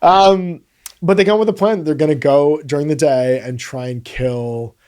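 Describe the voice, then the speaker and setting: A man with a fairly high speaking voice co-hosts a casual podcast. He recaps a film's plot with animated energy and slips into the characters' lines as he goes. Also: brisk. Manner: animated, retells scenes and acts out lines. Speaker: podcast co-host. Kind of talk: casual movie recap chat.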